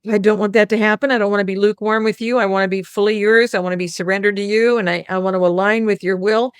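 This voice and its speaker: A woman's voice: mid-range voice, steady tone, fast, clean tone, no echo, studio quality. A woman hosting a casual spiritual talk, telling a rambling story and quoting others. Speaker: host.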